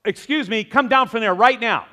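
A man's voice: high-pitched, expressive, normal speed, creaky, bright, forceful tone, pitched above the performer's own voice, heavily acted. A man voicing an indignant male priest, scolding and ordering someone out. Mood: stern, scolding. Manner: scolding, commanding.

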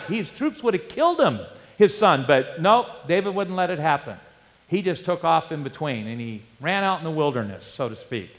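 A male pastor preaching a sermon, animated and storytelling, with rhetorical questions to the congregation. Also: high-pitched. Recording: long hall reverb.

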